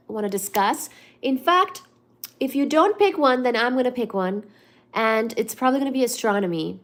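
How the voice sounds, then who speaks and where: Chatty woman hosting a livestream. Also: fairly high pitch. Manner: chatty, reads out chat comments, playful singsong. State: a bit stuffed up. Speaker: livestream host. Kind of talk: casual livestream chat with viewers.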